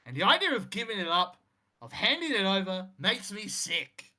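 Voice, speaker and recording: A man's voice: fairly high pitch, expressive, moderate pace, pushed and bright. A man voicing a defiant, injured male wrestling champion who speaks with intensity.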